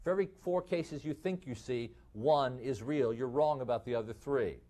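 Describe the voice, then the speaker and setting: A man with a Midwestern accent giving a lively lecture, asking the class rhetorical questions and calling them folks. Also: medium pitch, normal speed. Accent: Midwestern American. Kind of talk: recorded lecture to medical students.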